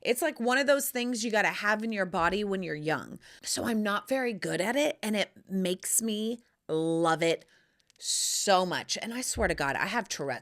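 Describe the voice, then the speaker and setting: A middle-aged woman hosting a casual solo podcast, profane and playful, swinging from loud squeals to hushed whispers. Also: mid-range voice, expressive, normal speed. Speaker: podcast host.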